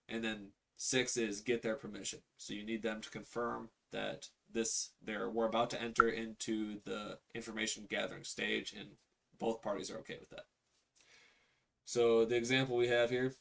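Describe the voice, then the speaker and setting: A man's voice: fairly low pitch, flat delivery, moderate pace, gravelly, a bit bright. A man teaching real estate sales calls in a casual way, reading through a script on screen and acting out the sample call lines. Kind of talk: instructional screen walkthrough.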